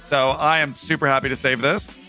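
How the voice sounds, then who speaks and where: A man's voice: medium pitch, level tone, a little fast, sharp tone, faint music behind. A man on a gaming voice chat, joking around bluntly and swearing freely with his friends. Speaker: streamer's teammate.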